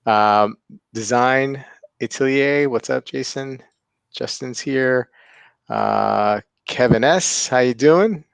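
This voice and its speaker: A man's voice: mid-range voice, slow pace, vocal fry, clear, resonant tone, dry recording. Man hosting a casual livestream. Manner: greets chat viewers by name, chuckles often. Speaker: livestream host.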